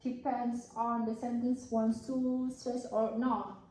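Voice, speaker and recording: Woman explaining a lesson, slow and careful, kinda high voice, super echoey room. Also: flat delivery, warm tone, a little hiss or hum. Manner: slow, halting, careful over each word. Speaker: student presenter. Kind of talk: classroom explanation.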